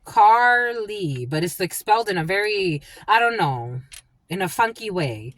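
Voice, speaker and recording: Slow, halting woman reader. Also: mid-range voice, lively intonation, dry recording. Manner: halting, repeats words as they come to her. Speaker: psychic reader. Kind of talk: channeled collective reading.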